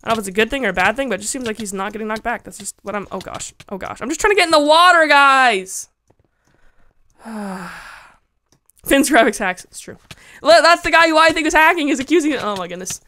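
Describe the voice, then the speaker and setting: A woman's voice: sits high, lively intonation, quick pace, pushed and bright. A woman giving casual, giggly commentary while playing a game and talking to her chat, squealing when she is attacked. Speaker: Minecraft let's-play gamer.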